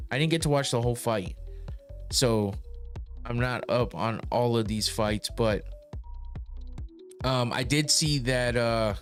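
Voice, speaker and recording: A man hosting a podcast, recapping fights in a rambling, casual way with lots of cursing and restarts. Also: mid-range voice. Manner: rambling, profane, with frequent restarts and laughs. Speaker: podcast host.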